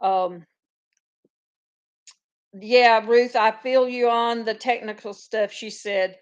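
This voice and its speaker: A woman's voice: a little high, fairly even intonation, takes it slowly, smooth. A woman hosting a casual live chat, telling long rambling stories and greeting viewers by name. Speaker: host of a live farm chat.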